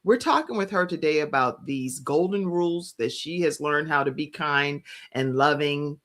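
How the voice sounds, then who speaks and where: A woman with a notably low speaking voice hosts a live talk show. She is encouraging, filling her guest's pauses with affirming hums and prompts. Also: fairly bright tone. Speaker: show host.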